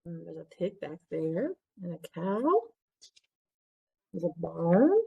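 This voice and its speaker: A woman librarian reading a picture book aloud to children, pausing often to ask them questions. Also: on the low side, sing-song, vocal fry, slightly rough, narrow, tinny audio. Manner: interactive, asks children questions.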